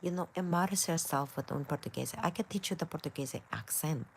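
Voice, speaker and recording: Low-voiced woman chatting on a livestream. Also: a little fast, a little hiss or hum. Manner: scattered, playful, chatty. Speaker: livestream host reading chat. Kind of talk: casual livestream chat.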